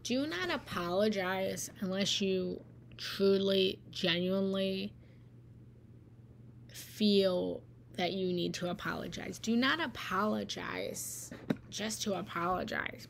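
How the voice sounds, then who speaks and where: A woman's voice: mid-range voice, gravelly, a bit bright, slight background noise. A woman meditation teacher giving an earnest, encouraging live-stream talk, repeating phrases for emphasis and slipping into whispered asides. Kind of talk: live-stream spiritual talk answering viewer comments.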